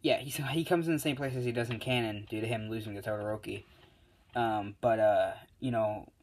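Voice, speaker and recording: A man's voice: on the low side, steady tone, fairly quick, darkish tone. A man casually retelling a fan-made story as a YouTuber, rambling with lots of fillers and self-corrections.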